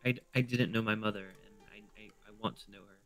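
A man's voice: fairly low pitch, fairly even intonation, fast, fairly bright tone, faint music behind. A man playing in character at a tabletop game, hesitant and stammering. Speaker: player. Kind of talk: tabletop role-play in character.

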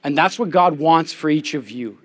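A man's voice: fairly high pitch, moderate pace. A young adult man, a pastor, preaching a conversational sermon and telling candid personal stories.

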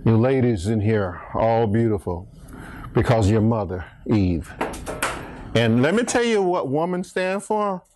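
A man's voice: mid-range voice, a little mellow, a little hiss or hum. A middle-aged man leading a Bible study in church, joking and teasing his listeners and laughing often. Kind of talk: playful Bible study teaching.

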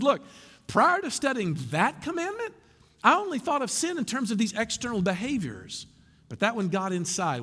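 A man preaching a sermon as pastor, animated and conversational with asides to the congregation. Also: sits high, big-room sound.

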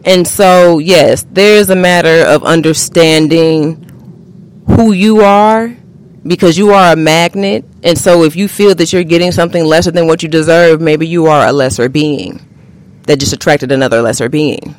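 A woman's voice: sits low, fairly even intonation, normal speed. A woman co-hosting a casual podcast, talking in a blunt, emphatic, preachy way and swearing freely. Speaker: podcast co-host.

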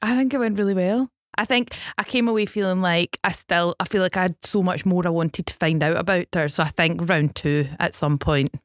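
A woman co-hosting a podcast in casual chat, playful and quick to laugh. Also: lowish voice, no room sound, studio quality. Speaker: podcast co-host.

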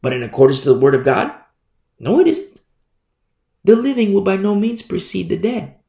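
A man's voice: sits high, very animated, quick pace, creaky, mellow, echoey room. A male pastor preaching a fiery sermon and acting out scenes from scripture.

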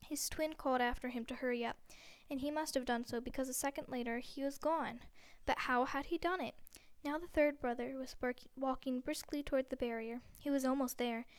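High, smooth-voiced woman reading a novel aloud. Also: fairly quick, hardly any pauses, dry recording. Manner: steady, with frequent slips and restarts. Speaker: reader.

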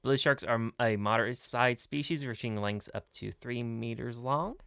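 Very low-voiced woman podcast host. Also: vocal fry, fairly bright tone, dry recording, studio quality. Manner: measured, reads facts steadily. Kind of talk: casual chat and reading facts.

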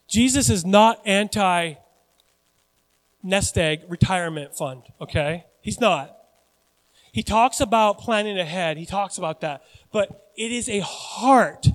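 A pastor in his forties preaching a sermon with animated, joking, self-deprecating asides. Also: high-pitched, unhurried, in a large hall.

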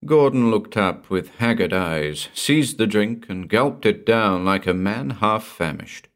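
Male audiobook narrator: deep, low voice, lively pitch, dramatic horror storytelling. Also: measured pace.

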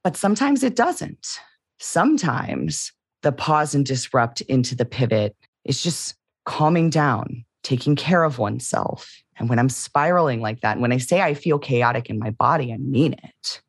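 A woman's voice: extremely low pitch, animated, moderate pace, slightly rough, no room sound, clean studio sound. A woman co-hosting a podcast, talking candidly and reflectively in casual conversation. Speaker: podcast co-host.

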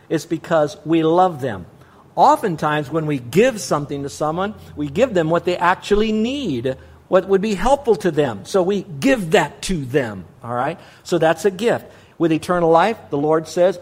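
Emphatic man preaching a sermon. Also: on the high side. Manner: emphatic preacher who drops soft and rises on repeated words. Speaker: pastor.

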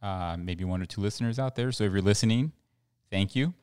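A man's voice: fairly low pitch, fairly quick, darkish tone, smooth. A middle-aged man from El Paso co-hosting a podcast in casual, rambling chat with many fillers. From El Paso, Texas. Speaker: podcast co-host.

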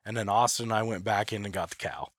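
A man's voice: on the low side, fast, a bit bright, no room sound, studio quality. A man chatting casually about hunting, rambling with lots of fillers and frequent laughter. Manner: rambling, heavy use of "like", laughs often. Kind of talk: casual chat.

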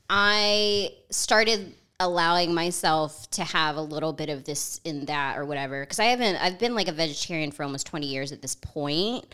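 A woman guesting on a casual podcast, chatty and quick to laugh, full of "like" and "yeah". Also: fairly low pitch, fairly bright tone, clean tone.

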